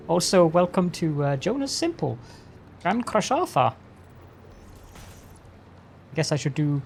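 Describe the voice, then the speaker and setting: A man's voice: fairly high pitch, very animated, slow pace, vocal fry, pauses often, darkish tone, slightly rough. A man streaming a factory-building game, chatting with viewers and talking himself through each step in a mock-formal, playful way. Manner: greets chat with mock-formal politeness. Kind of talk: live-stream gameplay commentary.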